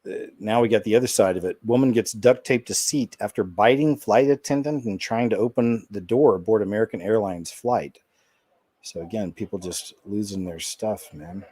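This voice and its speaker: A man's voice: fairly low pitch, normal speed, dark tone, husky, dry recording. A man hosting a show, musing about news clips in a laid-back way, with fillers like "man" and "you know". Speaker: host. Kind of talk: casual commentary on news clips.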